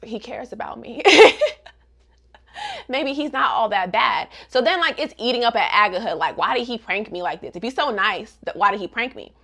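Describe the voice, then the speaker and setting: Sassy woman host, lively and bright, slangy comic commentary. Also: fairly high pitch, quick pace, few pauses, slightly rough. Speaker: manga reviewer. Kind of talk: casual comic recap.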